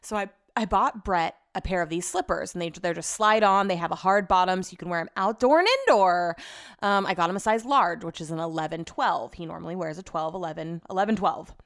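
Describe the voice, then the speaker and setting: A woman's voice: fairly low pitch, fast, fairly bright tone. A young woman hosting a podcast in casual chat, telling stories in an exasperated, chatty way, swearing and laughing at herself. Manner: laughs at herself mid-story. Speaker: podcast host.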